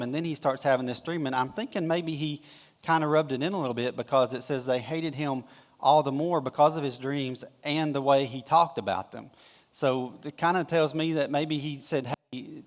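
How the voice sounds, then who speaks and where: A man with a Southern American accent gives a relaxed, chatty sermon, telling the story in his own words and slipping into little voices for the quotes. His voice sits in a middling register, and the sound rings with a long church-hall reverb. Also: mid-range voice. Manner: casual, folksy storytelling with quick acted-out quotes. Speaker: pastor. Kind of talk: conversational sermon. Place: church sanctuary.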